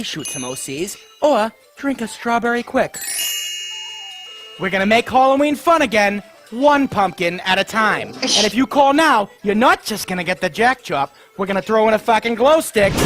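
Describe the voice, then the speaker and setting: A man playing a crude, foul-mouthed pitchman in a comedy sketch parody ad. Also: animated, moderate pace, soft background music. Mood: brash. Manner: profane, brash, shouts in pain at mishaps.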